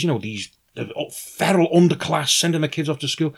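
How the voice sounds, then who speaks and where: A Welsh man being interviewed as a novelist, speaking in a lively, earnest way with many restarts. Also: fairly high pitch, a little fast, vocal fry, slightly rough. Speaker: novelist guest. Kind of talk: casual conversational interview.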